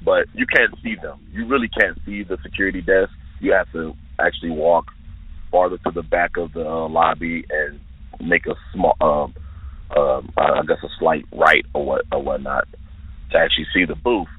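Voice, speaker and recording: Man in his twenties with a low, raspy voice, earnestly telling his own eerie encounter over a thin phone line. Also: steady tone, moderate pace, dry recording. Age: 20s. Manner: careful, detailed, earnest storytelling. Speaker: listener sharing an encounter. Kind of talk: recounting a personal eerie experience. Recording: tinny dry phone-line recording.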